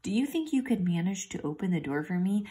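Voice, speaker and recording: A woman's voice: lowish voice, sing-song, brisk, mellow. A woman reading aloud, voicing a small, determined young male mouse who talks eagerly and pleads. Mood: pleading.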